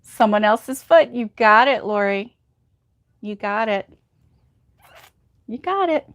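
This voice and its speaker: Slow, giggly woman hosting a crochet chat. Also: fairly high pitch, expressive, no echo, studio quality. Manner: giggly, laughs at her own puns; reads out viewer comments. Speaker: crochet livestream host. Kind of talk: casual livestream chat telling corny jokes.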